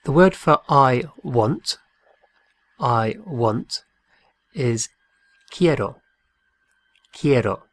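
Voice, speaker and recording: Male language teacher, slow and deliberate, mid-pitched, dry close sound, drills phrases and spells words aloud. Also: lively intonation, a bit bright, dry recording. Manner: patient, repeats each phrase and spells words out. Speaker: Spanish teacher.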